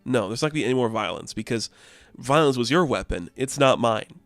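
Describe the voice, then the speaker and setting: A man voicing a stern warrior princess in a flat, commanding way, during a casual comic book recap. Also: mid-range voice, brisk, no room sound, faint music behind.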